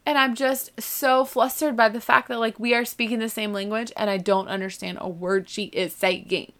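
A woman's voice: fairly high pitch, flat delivery, moderate pace. A young woman with a mild Southern American accent, telling a funny story casually, full of "like" and "you know". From southern United States. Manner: chatty, lots of "like" and "you know", self-mocking. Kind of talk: casual anecdote.

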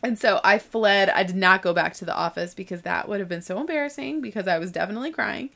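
A woman's voice: mid-range voice, fast talker, gravelly, fairly bright tone. A woman telling a personal story in a chatty, self-mocking way, laughing as she goes.

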